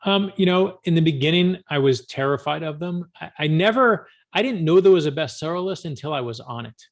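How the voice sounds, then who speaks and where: Gravelly, animated male author. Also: a little high, brisk. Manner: animated, emphatic storyteller. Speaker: author guest. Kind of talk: storytelling interview answers.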